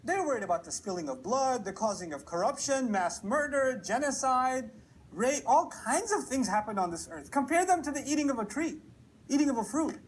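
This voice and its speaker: A man giving a lecture on scripture, telling a story with lively rhetorical questions and acted-out quotes. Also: very high-pitched, brisk, slight background noise, rough recording. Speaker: preacher. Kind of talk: Quran commentary lecture. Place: lecture hall.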